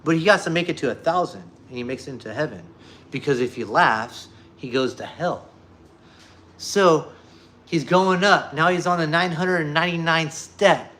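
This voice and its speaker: A man with a bright, forceful voice chats casually with his viewers. He rambles through a story, swearing often and stumbling over filler words. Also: on the high side, moderate pace. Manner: profane, rambling, full of fillers. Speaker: streamer talking to viewers. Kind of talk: casual chat and joke telling.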